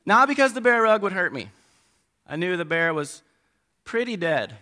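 A middle-aged man preaching a sermon, animated, swinging between loud emphasis and quiet asides. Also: sits high, moderate pace.

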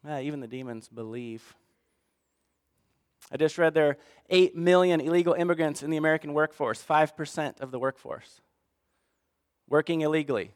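A man preaching a sermon, swinging between hushed asides and fired-up outbursts. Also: on the high side, moderate pace, long pauses, clean tone, big-room sound. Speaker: pastor.

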